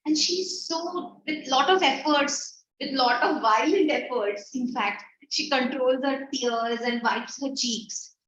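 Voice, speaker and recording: A woman's voice: high-pitched, slow, hardly any pauses, fairly bright tone, a little hiss or hum. A woman, teaching an online class. She explains a story and reads its lines in character. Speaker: English teacher. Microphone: computer mic in an online class. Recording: roomy, dull lo-fi online lecture audio.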